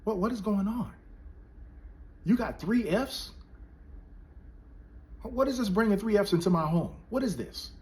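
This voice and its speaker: A man's voice: expressive, moderate pace, pauses often, a little mellow, lightly acted. A man voicing a stern father lecturing his son. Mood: exasperated. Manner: stern, pressing questions, then low and grave. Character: stern middle-aged father scolding his teenage son.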